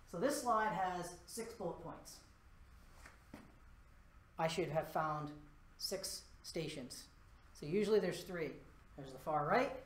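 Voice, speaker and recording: Man presenting in an echoey room. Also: a little high. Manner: lively, self-deprecating and joking, walks around the stage while talking. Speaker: conference presenter. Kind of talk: live conference talk. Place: presentation room before a live audience.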